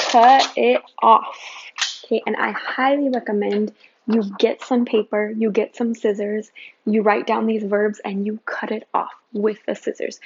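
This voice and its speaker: A woman teaching a Spanish grammar lesson, upbeat and patient, repeating examples slowly. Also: a little high, gravelly, a little mellow, breathy edge. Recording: slightly dull lo-fi sound.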